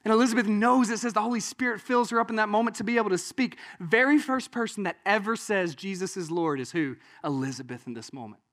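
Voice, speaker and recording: A man delivers a sermon in a notably high voice. He talks to his listeners in a casual, animated way and often checks in with them as he explains a passage. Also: fast talker, few pauses. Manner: animated, conversational, often asks "right?". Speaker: pastor.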